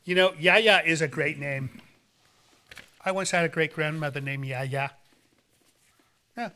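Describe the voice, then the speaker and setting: A man's voice: a little high, unhurried, pushed and bright. A man hosting a horror movie show, rambling and joking in playful banter. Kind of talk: playful, campy hosting chat.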